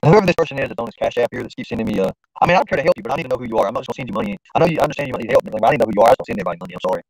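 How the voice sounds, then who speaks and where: A man's voice: medium pitch, lively intonation, racing, husky, no room sound, rough recording. A man hosting a casual live stream, rambling and informal, often talking to himself as he works the screen. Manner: rambling, talks to himself while fiddling with the stream; informal, slangy. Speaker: livestream host.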